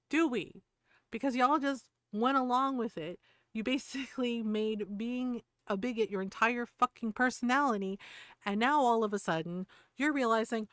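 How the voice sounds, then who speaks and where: A woman's voice: fairly high pitch, no room sound, clean studio sound. Heated, swearing woman streamer. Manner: profane, heated, laughs between points. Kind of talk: casual ranting chat.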